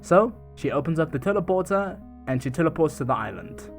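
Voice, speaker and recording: A man's voice: fairly high pitch, very animated, brisk, creaky, soft background music. A man casually retelling a video game's story, chatting loosely and narrating each scene. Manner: loose, chatty retelling with many "and she goes" asides. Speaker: gaming channel narrator.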